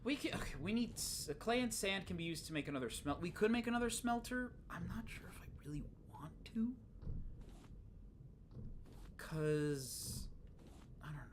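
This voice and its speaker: An excitable gaming streamer chatting through a let's play with a lively, bouncing voice that roams up and down. The talk rambles, dropping into muttered whispers and then jumping to loud outbursts. A faint hiss of noise sits underneath. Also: mid-range voice, moderate pace, long pauses. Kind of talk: casual let's play commentary.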